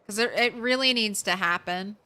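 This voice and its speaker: Bright, crisp woman streamer chatting slowly. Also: medium pitch. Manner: chatty, talks to herself and the game, yawning late at night. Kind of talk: casual gameplay commentary.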